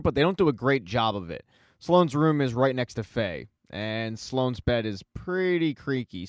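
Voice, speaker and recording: A man's voice: on the high side, no room sound, clean studio sound. Wry man narrating a recap. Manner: wry, jokey storytelling. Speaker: recap channel host. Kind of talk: scripted narration.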